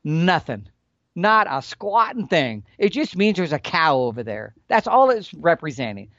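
A man explaining elk calling tactics in a folksy, animated storytelling manner. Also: a little high, unhurried, muffled recording. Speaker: elk hunting instructor.

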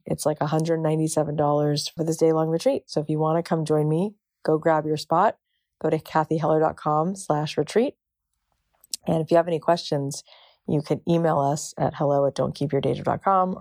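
A woman podcast host giving an earnest, measured promotional intro. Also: low voice, a little mellow, dry recording, studio quality.

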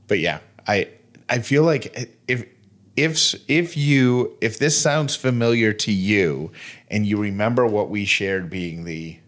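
A man's voice: on the low side, a bit bright. A man in his thirties co-hosting a podcast in casual chat, playful and jokey. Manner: jokey, playful, puts on a mock Australian voice. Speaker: podcast co-host.

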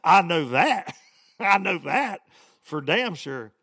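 A middle-aged man, running his mouth on his own podcast. He rambles and jokes, and his slightly high voice leaps up and down all over the place. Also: slow pace, gravelly, slightly rough. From Southern United States. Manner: animated, rambling, joking, laughs often. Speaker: podcast host. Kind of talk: casual podcast rant.

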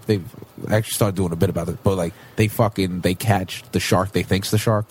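A man in his twenties, a comedian guest, telling animated stories in casual podcast chat and slipping into quick impressions. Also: sits low, slight background noise. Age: 20s.

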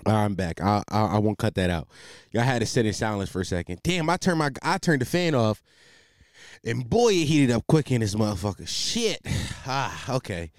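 Male podcast host, comic rambling monologue, profane, very animated pitch, dry close mic. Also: normal speed, no echo. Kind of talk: casual comedic monologue. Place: hot room at home with a fan. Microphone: desk microphone.

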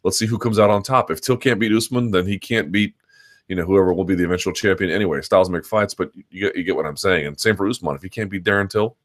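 A man's voice: low voice, fast talker. A man hosting an unscripted live-stream chat about combat sports, analytical and emphatic, talking in long, looping sentences with restarts and repetitions.

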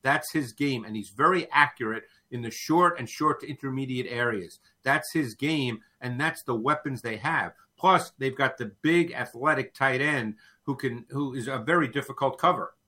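A man's voice: mid-range voice, moderate pace, hardly any pauses, pushed and bright. A man who analyzes football in a casual talk, thoughtful, often repeating words as he starts a sentence.

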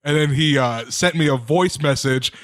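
A man co-hosting a sports podcast, telling a story in an animated, exasperated way. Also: on the high side, moderate pace, no echo, clean studio sound. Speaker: podcast co-host, radio call screener. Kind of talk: casual storytelling chat.

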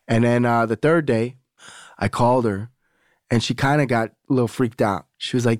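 A man's voice: medium pitch, normal speed, dry recording, studio quality. A man guest on a podcast, telling a candid, rambling story with profanity and acting out the other people's lines. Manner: candid, rambling, profane, acts out quoted dialogue. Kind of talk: casual storytelling conversation.

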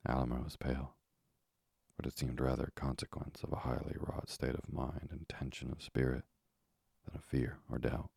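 A man narrating a classic story in a measured, hushed reading. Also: extremely low pitch, flat delivery, creaky, breathy edge, no echo. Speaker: audiobook narrator. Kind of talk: literary narration.

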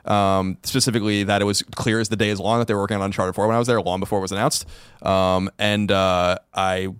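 Podcast cohost guy, fast but earnest, clarifies stuff, super dry close sound. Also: lowish voice, fairly even intonation, smooth, no room sound. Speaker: podcast co-host. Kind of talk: casual podcast chat.

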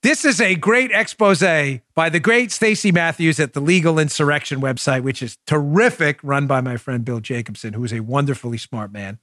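A man hosting a political talk podcast, speaking in an animated, emphatic way and repeating points for effect. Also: on the high side, normal speed, hardly any pauses, dry recording, clean studio sound. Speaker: podcast host.

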